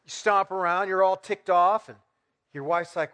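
A middle-aged pastor preaches conversationally, posing rhetorical questions and acting out everyday examples. He speaks at a moderate pace in a high-sitting, fairly bright voice.

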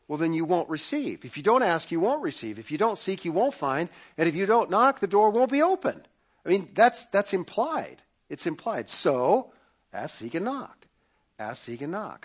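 A man preaching a sermon in an earnest manner, his voice sitting somewhat high for a man. He repeats words as he builds toward each point. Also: breathy edge. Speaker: pastor.

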